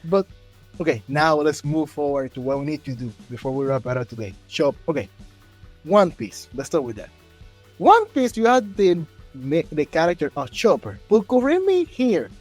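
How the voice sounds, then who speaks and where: Animated man telling a story. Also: on the high side, brisk, faint music behind. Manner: animated storyteller, acts out quotes in raised voices. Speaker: podcast host. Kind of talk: casual interview chat.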